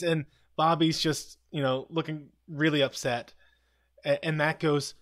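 Male stream host, slightly higher voice, loose chatty recap style, laughs easily. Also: fairly even intonation, fairly bright tone. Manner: retells scenes with quick quoted lines, chuckles often. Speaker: live commentary host. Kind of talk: casual live-stream commentary.

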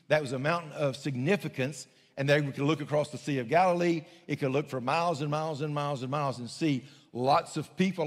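Pastor preaching in a reverberant church. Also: male voice, on the high side. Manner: folksy, conversational preaching with restarts. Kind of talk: sermon. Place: church sanctuary.

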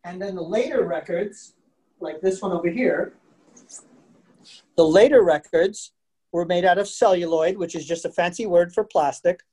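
A man presenting a virtual museum program over a video call, jokey and animated, laughing often and talking directly to the children watching. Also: high-pitched, moderate pace, slightly rough. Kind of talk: interactive virtual presentation for families.

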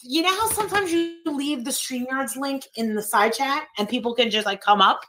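Hosting a livestream, a woman with a high voice rants heatedly and combatively at a moderate pace, her tone sharp. She swears constantly, talks over others, and drives her points home by repeating them.

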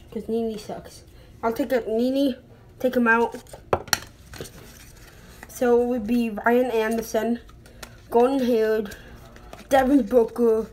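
In a noisy home recording from her bedroom, a vlogger with a slight British accent chats casually to the camera. Her voice is a little high with a darkish tone, and she rambles and apologizes often.

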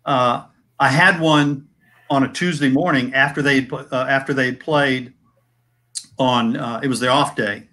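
A man's voice: medium pitch, pushed and bright. A man at a casual roundtable, plainly recounting how his career began. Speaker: former sales manager, guest.

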